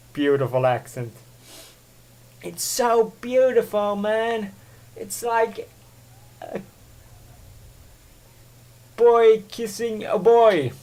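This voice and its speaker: A man talks alone on his own podcast in a loose, casual monologue. He speaks slowly, stops often for fillers, and corrects himself mid-sentence. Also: fairly high pitch. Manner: rambling, full of fillers and self-corrections. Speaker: show host.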